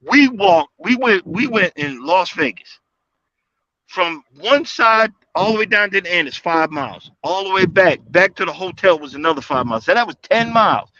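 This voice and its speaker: Bright, high-voiced man telling stories. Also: normal speed, no echo. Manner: animated, acts out quotes with big pitch jumps. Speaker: guest speaker on a livestream call. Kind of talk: casual storytelling. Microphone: livestream call. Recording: dull lo-fi livestream audio.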